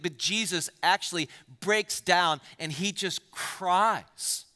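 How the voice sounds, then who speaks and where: A man's voice: high-pitched, bright, forceful tone, long reverb tail. A man preaching a sermon to a church congregation, asking the crowd questions and repeating words for emphasis. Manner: addresses the congregation directly with questions. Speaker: pastor.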